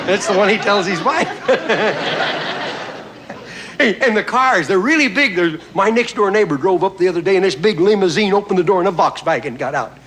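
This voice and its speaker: A man with a high, bright voice tells folksy stand-up jokes on a television stage and keeps chuckling at his own punchlines. Studio audience laughter rolls in around him. The old broadcast carries a steady layer of noise under his voice. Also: normal speed, long pauses, over a noisy crowd. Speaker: comedian. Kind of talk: stand-up comedy monologue.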